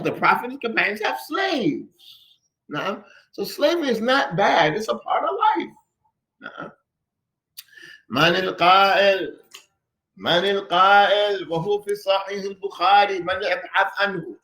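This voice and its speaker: Very animated and fairly quick, a man with a high, bright, forceful voice leads a classroom-style religious lesson in a mosque hall. He peppers his listeners with rhetorical questions and repeats phrases for emphasis.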